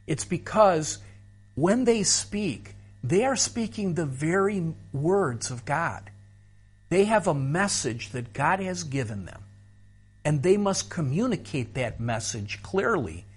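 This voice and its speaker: A man with a husky voice gives a Bible lesson at a slow, measured pace. His pitch moves expressively as he patiently explains terms to his students. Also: very animated. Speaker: seminary teacher. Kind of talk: Bible teaching lecture.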